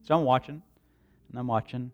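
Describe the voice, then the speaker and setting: A man preaching a sermon, telling a personal story in a hushed voice, then building to loud, slow, emphatic lines. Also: mid-range voice, muffled recording, soft background music. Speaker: pastor.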